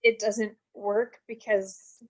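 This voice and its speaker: A woman chatting casually about a TV episode, reasoning things through in a measured way. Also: mid-range voice, little pitch movement, breathy edge, poor audio. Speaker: podcast co-host. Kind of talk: casual recap chat.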